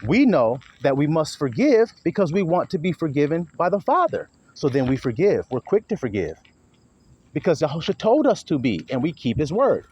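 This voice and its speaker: A man's voice: on the high side, very animated, moderate pace, darkish tone, breathy edge, highs cut off. A man preaching an informal sermon, blunt and profane, acting out quarrels in other voices.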